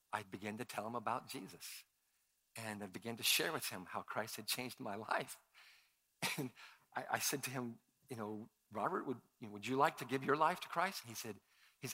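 A man preaching a sermon, telling personal stories in an animated way, his voice rising loud for emphasis. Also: a little high. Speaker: pastor.

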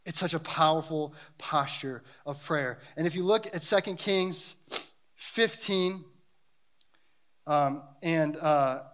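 A man's voice: on the high side, slow, fairly bright tone. A man preaching a sermon and reading scripture, talking in an earnest, emphatic way that builds in intensity.

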